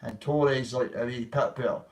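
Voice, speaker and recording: A man's voice: mid-range voice, steady tone, normal speed. Guy on a livestream, rambling and swearing through a story, mic kinda far off. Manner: rambling, profane, acts out quoted voices. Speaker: vlogger.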